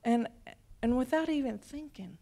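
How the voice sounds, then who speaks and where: A woman's voice: sits high, lively intonation, normal speed, gravelly, dark tone. A woman pastor giving a sermon in a chatty, storytelling manner.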